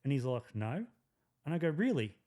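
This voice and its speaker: An Australian man tells an old army yarn in casual podcast chat. His voice sits at an ordinary middle pitch, and he swears constantly and laughs often as he tells the story. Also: fairly quick. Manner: profane, animated storytelling with laughs. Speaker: podcast guest.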